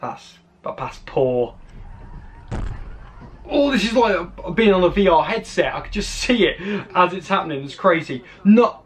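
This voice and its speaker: Excitable British man with a high, lively voice. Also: normal speed, a little hiss or hum. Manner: excitable, exclaiming, gasping at each clip. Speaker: channel host. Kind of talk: reaction commentary on crash videos.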